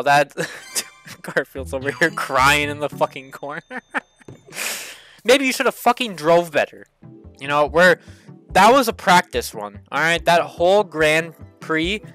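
A young man giving excitable, swearing commentary while playing a kart racing game, often jumping up into high yelps. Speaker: gaming channel host. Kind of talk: let's play commentary.

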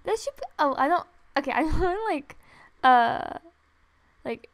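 A young woman giving casual, excitable commentary while playing a game late at night. She is tired but gushing and giggly, and often squeals. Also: high voice, moderate pace. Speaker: gaming video creator. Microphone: desktop USB microphone.

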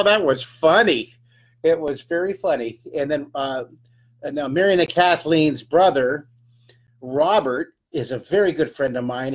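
A middle-aged man leads a casual live drawing lesson, chatting upbeat with his viewers while he sketches. His voice sits a little higher than most men's, and he rambles warmly between steps. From California. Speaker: drawing teacher.

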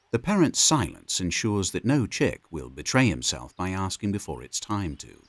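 A man narrating a wildlife documentary in a measured, informative scripted delivery. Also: low voice, dry recording.

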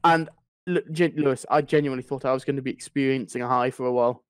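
A young man telling a funny anecdote in a casual chat, animated and swearing freely. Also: medium pitch, fast, smooth, dry recording, studio quality. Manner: animated, swearing, laughing through the story. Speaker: podcast storyteller.

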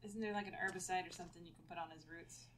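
A woman's voice: on the low side, fairly even intonation, very fast. A woman chatting as co-host during a let's play, teasing and giving tips. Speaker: co-host watching the game. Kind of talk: let's play casual chat.

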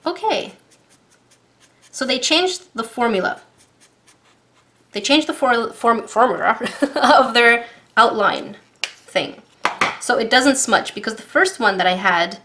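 Excitable woman gushing over art markers. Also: a little high. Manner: gushing, excitable, addresses viewers as guys. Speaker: art supplies vlogger. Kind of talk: casual unboxing review.

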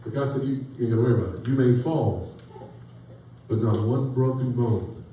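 A man's voice: mid-range voice, fairly quick, mellow. A man preaches a folksy, story-filled sermon, his voice climbing as he builds each point. He sounds set back from the mic in a very echoey church sanctuary. A faint hiss sits under his voice. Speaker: pastor. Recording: echoey church room from far off, faint noise.

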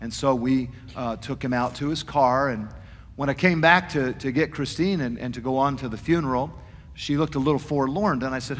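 A man's voice: mid-range voice, moderate pace, in a large hall. A man preaching a sermon as pastor, telling a personal story earnestly and quoting dialogue with repeated "I said". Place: church sanctuary.

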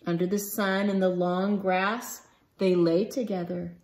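A woman reading a picture book aloud for children, slow and expressive. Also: on the low side. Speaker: storybook reader.

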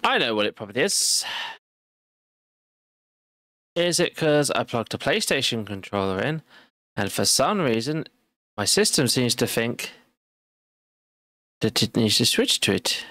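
A man gives casual live-stream commentary while gaming at home, rambling and making self-deprecating jokes. His mid-range voice is very animated, pushed and bright, at a normal speed, with no echo.

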